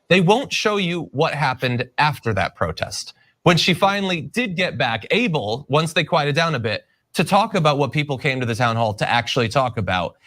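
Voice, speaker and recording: Male host, measured and wry, political commentary. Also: medium pitch, a bit bright. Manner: wry, measured, introduces clips.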